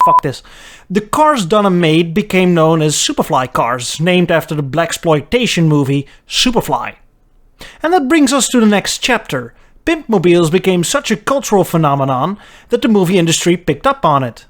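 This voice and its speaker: A man narrating a car history video in a sarcastic, mocking way. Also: on the high side. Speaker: car history channel host.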